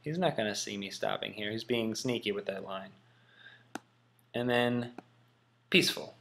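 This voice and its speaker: A man's voice: on the low side, fairly even intonation, normal speed, gravelly. A man teaching in a casual, musing way, thinking aloud with frequent ums. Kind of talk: casual classroom explanation.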